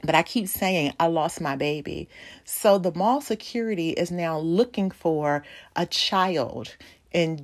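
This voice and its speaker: A woman in her forties giving a sermon testimony, telling a personal story and speaking to the congregation as "y'all". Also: sits low. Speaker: pastor's wife preaching.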